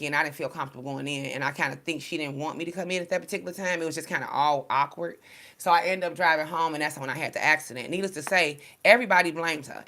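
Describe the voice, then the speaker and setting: Blunt, bright-voiced woman telling stories. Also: low voice. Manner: blunt, emotional, animated storytelling with swearing. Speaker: spiritual reader. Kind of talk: casual spiritual talk.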